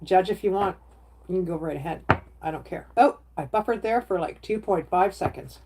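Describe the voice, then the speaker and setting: A woman's voice: on the low side, normal speed, background noise. A middle-aged woman chatting casually on a livestream, rambling from topic to topic and reacting to viewer comments.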